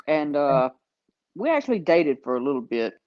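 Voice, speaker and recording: Southern man, casual podcast host, unhurried storyteller with fillers, slightly high voice, flat dry lo-fi sound. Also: dry recording. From American South. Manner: slow storytelling with frequent fillers. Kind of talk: casual chat.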